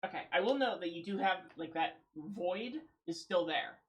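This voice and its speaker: Woman game master, low voice, hesitant, lots of ums, tabletop game narration. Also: moderate pace.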